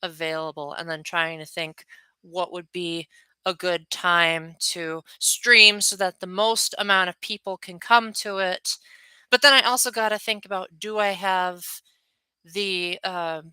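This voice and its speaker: A young man talks casually to his stream viewers, rambling from one thought to the next in a friendly way. His voice is bright and smooth, on the high side for a man. The sound is close and dry. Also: steady tone, unhurried, no room sound. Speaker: livestreamer. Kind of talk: casual livestream chat with viewers.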